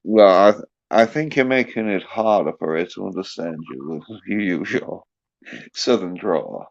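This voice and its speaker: Halting slow-talking male host. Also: deep voice, expressive, creaky. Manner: halting, profane, joking. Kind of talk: casual livestream chat. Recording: muffled lo-fi audio.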